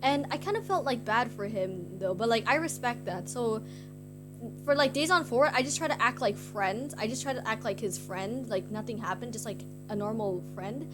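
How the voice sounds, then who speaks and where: A woman's voice: on the high side, moderate pace. A young woman streamer casually telling a story to her chat, rambling with lots of "like" fillers, giggly and self-conscious. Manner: rambling, heavy use of "like" fillers. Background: guitar music.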